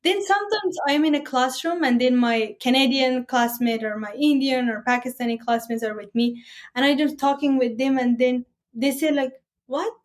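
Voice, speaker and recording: A woman's voice: sits high, normal speed. A young woman from Afghanistan, a Persian speaker, telling stories as a podcast guest, full of "like" and "oh my gosh". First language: Persian (Farsi). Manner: lively storytelling, repeats "like" and "oh my gosh". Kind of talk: casual interview chat.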